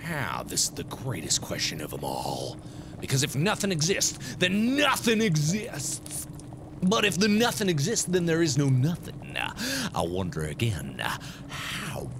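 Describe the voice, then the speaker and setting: A man's voice: a little high, big pitch swings, a little slow, noisy background, pitched above the performer's own voice. A man voicing a rambling, absent-minded wizard in a game who muses in circles. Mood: musing. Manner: rambling, philosophical musing.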